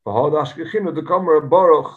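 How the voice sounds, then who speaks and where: A man's voice: fairly high pitch, brisk, narrow, tinny audio. Man teaching Talmud. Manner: explains Aramaic text line by line in English, emphatic. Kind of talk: Talmud lesson.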